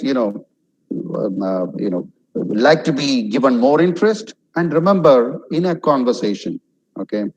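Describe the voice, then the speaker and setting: A middle-aged man from India leads an online talk, his voice sitting a little higher than most men's. He keeps it conversational, with plenty of fillers and quick acted-out example lines. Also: darkish tone, rough recording. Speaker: webinar speaker on communication. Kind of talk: lecture on social skills.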